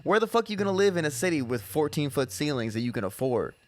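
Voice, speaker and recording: A man's voice: a little high, very animated, fast talker, no echo. A man co-hosting a podcast, running the questions with wry, joking banter. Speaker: podcast co-host. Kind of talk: casual comedic chat.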